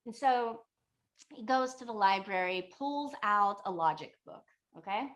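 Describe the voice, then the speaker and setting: A woman's voice: medium pitch, expressive, measured pace, a bit bright. A meditation teacher, a woman, casually retelling a teaching story with loose, chatty phrasing. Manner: chatty, loose, many fillers like "like" and "you know".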